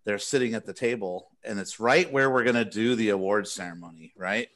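A man's voice: lowish voice, fairly quick, a bit bright. Man, podcast host, casual storytelling, rambling, self-deprecating, laughs a lot, from California. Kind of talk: casual storytelling among friends.

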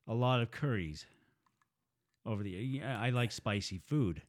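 A man's voice: fairly low pitch, animated, measured pace, no room sound, studio quality. A man co-hosting a podcast, joking and self-mocking in crude casual chat, laughing between lines. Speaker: podcast co-host.

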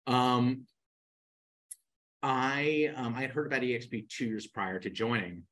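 A man in his sixties, a podcast guest, telling animated stories and acting out the dialogue. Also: medium pitch, unhurried, poor audio. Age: 60s. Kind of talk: storytelling in a podcast interview.

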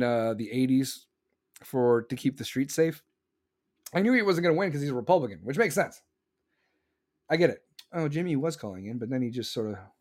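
A man's voice: a little high, darkish tone. A man, hosting a live show and ranting heatedly and sarcastically, swearing often and mocking people in put-on voices. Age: 40s. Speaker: live-stream podcast host. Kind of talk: ranting political talk.

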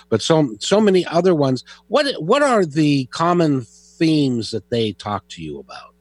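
Man, radio show host, very animated pitch, dry close sound, chatty. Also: no echo. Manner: lively, chatty, plugs the phone line. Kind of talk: call-in radio talk show.

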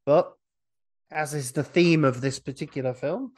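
A man's voice: medium pitch, a little slow, long pauses. A man co-hosting a casual chat, retelling a film scene by scene in a rambling, jokey way, breaking into silly voices. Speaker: podcast co-host recapping a film.

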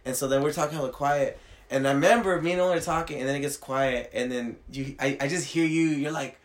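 A man's voice: fairly high pitch, quick pace. A young adult man in a casual chat, retelling a story animatedly, teasing his friend and acting out quotes with plenty of laughter.

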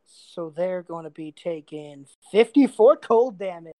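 A woman with a fairly low voice runs a tabletop role-playing session, narrating the action in a relaxed, chatty way. She is a little hoarse, as if her voice is wearing out. The sound is dry and close. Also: unhurried, no room sound. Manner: relaxed narration with frequent fillers and laughs. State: losing her voice. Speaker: game master.

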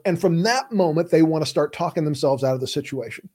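A male defense lawyer hosts a casual explainer, plain-spoken and urgent as he drives his points home. His voice sits a little high for a man, and he stays emphatic throughout. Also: animated, brisk, creaky, hardly any pauses, a little mellow, breathy edge. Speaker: podcast host and criminal defense lawyer.

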